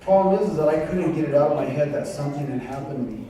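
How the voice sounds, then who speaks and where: A man's voice: a little high, animated, fast, warm tone, a little hiss or hum. A man giving a sermon testimony, telling his story with acted-out voices and bits of street slang. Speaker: guest pastor. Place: church sanctuary. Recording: echoey room from a far mic with faint ambience.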